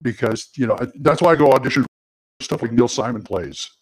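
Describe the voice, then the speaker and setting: A man's voice: medium pitch, normal speed, breathy edge. A man from California, a stage actor, chatting casually and playfully about doing accents. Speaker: podcast co-host, stage actor. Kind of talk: casual chat.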